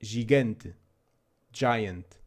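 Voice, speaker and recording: Slow, dry-humored male language teacher. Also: on the low side. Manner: dry, self-deprecating humor. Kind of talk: scripted lesson narration.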